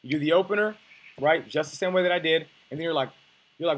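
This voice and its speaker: Fast-talking husky blunt young man coach. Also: fairly high pitch. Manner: blunt, profane, restarts often. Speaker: dating coach. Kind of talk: casual coaching explanation.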